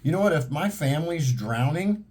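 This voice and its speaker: A man's voice: a little high, animated, normal speed, a little mellow, slightly rough. A man delivering a heated, profane monologue in a blunt, ranting manner. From United States. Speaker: vlogger. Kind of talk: monologue to camera.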